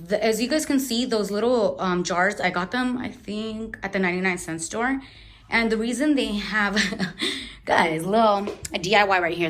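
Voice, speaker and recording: Young woman vlogger, casual rambling tour chat, a bit out of breath, middle-pitched voice. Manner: chatty, rambling, searches for words aloud. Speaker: beauty vlogger.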